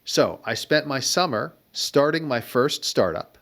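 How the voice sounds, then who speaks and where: This middle-aged entrepreneur, appearing as an interview guest, shares wry, reflective anecdotes from his career in a relaxed, conversational way. His medium-pitched voice is expressive and fairly bright, and he speaks at a measured pace.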